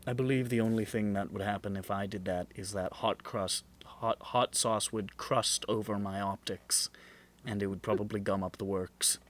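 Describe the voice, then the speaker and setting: A man chatting casually at a tabletop game, playful and quick to laugh, sometimes tripping over his words. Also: fairly low pitch, fairly even intonation. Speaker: game master.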